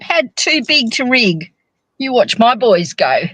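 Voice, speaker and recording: A woman, chatting in a teasing, animated way as a monthly guest on a casual podcast. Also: on the high side, slow, no echo, low-quality recording.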